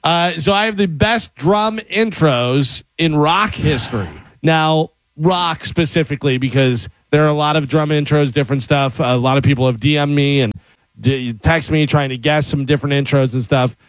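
A man's voice: a little high, normal speed, no echo, rough recording. A man co-hosting a casual radio show, telling laid-back stories and introducing segments. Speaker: radio co-host.

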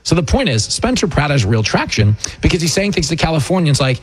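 A man's voice: on the high side, big pitch swings, brisk, hardly any pauses, breathy edge. A middle-aged man hosting a political talk radio show, delivering a sarcastic, mocking monologue that slips into put-on voices.

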